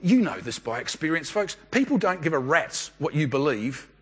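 A man's voice: on the high side, sing-song, moderate pace, slightly rough. A middle-aged man preaching a sermon in an earnest, conversational way, asking rhetorical questions. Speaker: pastor. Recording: long hall reverb.

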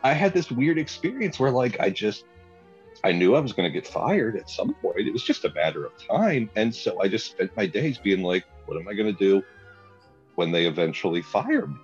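A young man telling a comic story in a casual chat, animated and laughing often as he acts out what people said. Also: lowish voice, normal speed, dull audio, soft background music.

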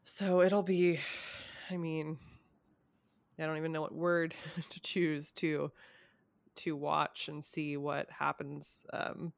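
A woman's voice: sits low, flat delivery, slow, creaky, no echo. A young woman in a casual conversation about current events, hesitant with many ums and small laughs.

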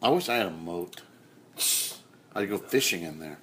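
Man, lowish voice, casual movie commentary, laughs a lot, faint background noise. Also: expressive, normal speed, a bit bright. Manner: laughs often, jokey asides. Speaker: co-host of a movie commentary show. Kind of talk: casual movie riffing chat.

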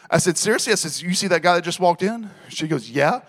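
A man preaches to a congregation with a fairly high voice. He tells his stories in an animated way, acting out the dialogue and laughing as he goes. The sound carries a long hall reverb. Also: a little fast. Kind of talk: sermon storytelling. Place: church hall.

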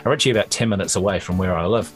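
A man's voice: sits low, very fast, faint music behind. A middle-aged man with a New Zealand accent, co-hosting a casual podcast chat and laughing often. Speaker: podcast co-host.

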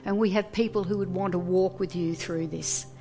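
A woman pastor giving a sermon, earnest and deliberate, pausing between phrases. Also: fairly low pitch, steady tone, dark tone, faint music behind.

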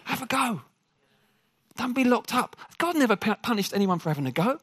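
A man preaching a sermon to a congregation. He jokes with the room and talks in an animated way. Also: very high-pitched, fairly quick, slightly rough, no echo, studio quality.

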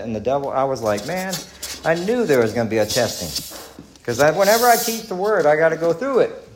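A male pastor with a Texan accent delivers an earnest, conversational sermon. His voice sits at an ordinary middle pitch, and he restarts phrases and repeats his questions. The sound is roomy, as in a church sanctuary. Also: a little hiss or hum.

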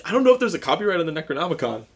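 Casual young male podcast co-host, slightly raised pitch, husky tone, laughs a lot. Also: sing-song, racing, fairly bright tone. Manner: laughs often, jokey. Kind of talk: casual chat.

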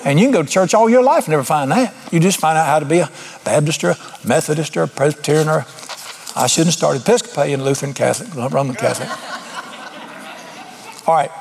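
A man's voice: a little high, expressive, fast talker, gravelly, a little mellow, a little hiss or hum. A middle-aged man preaching an informal sermon, folksy and blunt, with sudden emphatic rises.

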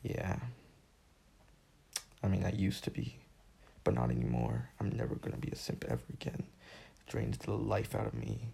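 A man's voice: fairly low pitch, very animated, moderate pace, vocal fry, pauses often, warm tone, slightly rough, full character voice. A man voicing his own curt, irritable alter ego, a bitter young ex-simp who snaps insults. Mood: sulky. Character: bitter rude young male ex-simp, snappy.

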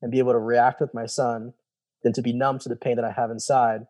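Mellow-voiced man telling his story. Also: medium pitch, fast. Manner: animated storytelling, acts out quoted voices, casual swearing. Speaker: guest, former special operations soldier. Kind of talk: candid storytelling interview.

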